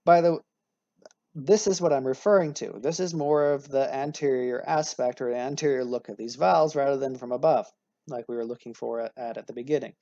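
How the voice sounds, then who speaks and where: A man teaches anatomy in a recorded lecture, casual and upbeat, frequently correcting himself mid-sentence and using analogies. His mid-range voice is steady, brisk and warm, with no echo, in a dry, slightly dull recording.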